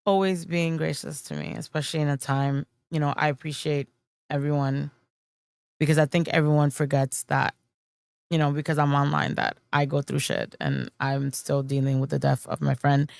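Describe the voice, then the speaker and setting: A woman's voice: low-pitched, flat delivery, normal speed, gravelly, dry recording. A woman hosting a livestream, talking casually and emotionally, swearing often and rambling. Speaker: streamer host.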